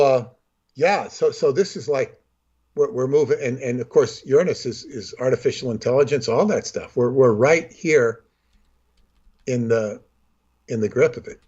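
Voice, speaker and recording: A man's voice: medium pitch, lively intonation, a little slow, pauses often, a little mellow, breathy edge, lo-fi sound. A man telling stories and talking astrology in casual chat, rambling with many restarts and breaking into character voices. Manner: rambling, full of fillers and restarts, acts out voices.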